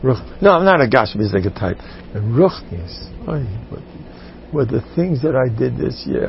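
Gravelly, animated rabbi telling stories. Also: male voice, medium pitch, moderate pace, lo-fi sound, slight background noise. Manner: animated, jumps into character voices. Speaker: rabbi and teacher. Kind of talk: humorous inspirational talk to a group.

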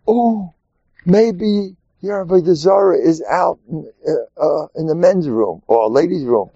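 A man's voice: a little high, measured pace, vocal fry, mellow, husky, dry recording. A man giving an informal, joking religious talk full of personal stories and Yiddish and Hebrew terms, in a dull lo-fi recording. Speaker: religious speaker.

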